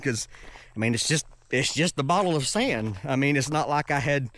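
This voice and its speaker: A man's voice: medium pitch, brisk, fairly bright tone, slight background noise. Rambling male travel vlogger. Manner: rambling, many restarts and "I'm like". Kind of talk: casual storytelling.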